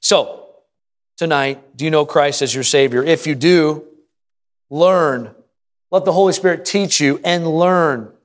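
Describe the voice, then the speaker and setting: A man's voice: fairly high pitch, a little slow. A man, a pastor, preaching a sermon to a congregation, reading scripture and drawing call-and-response. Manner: reads scripture aloud and acts out an anxious prayer.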